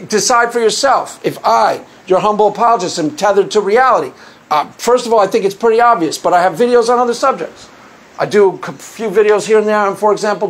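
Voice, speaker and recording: High-voiced man arguing his faith. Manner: argumentative, sarcastic, mocks opponents' views; repeats and restarts phrases. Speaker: Christian apologist video host. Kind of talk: opinionated monologue to camera.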